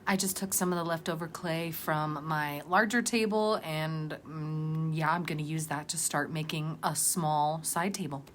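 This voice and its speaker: A woman's voice: deep voice, fairly even intonation, measured pace, hardly any pauses, a little hiss or hum. A woman vlogger narrating a casual crafting tutorial in a rambling, chatty, self-deprecating way.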